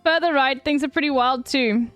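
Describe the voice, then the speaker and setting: A woman's voice: high-pitched, moderate pace, a bit bright, no echo, faint music behind. A woman streamer chatting casually while reacting to news, giggling often and trailing off mid-sentence. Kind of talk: casual chat.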